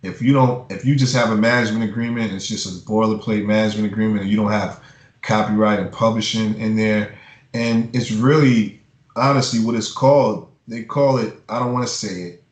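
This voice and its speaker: A man's voice: on the low side, steady tone, fairly quick. A man who works as a music publisher, giving blunt, profane advice in a casual interview and ranting with heat. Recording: roomy echo.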